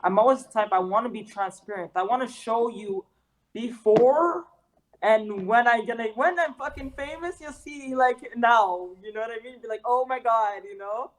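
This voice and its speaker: The audio is poor as the young woman from Canada, a fitness trainer and artist, chats at a moderate pace in a slightly high voice during a casual interview, full of slang, filler words and profanity.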